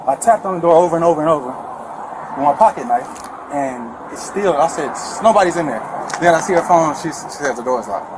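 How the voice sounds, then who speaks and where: A man's voice: on the high side, a little fast. A man arguing with police outside a shop, insistent and repeating himself, recorded on a police body camera. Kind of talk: heated argument with police. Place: outdoors at a shop door. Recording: noisy outdoor body camera audio.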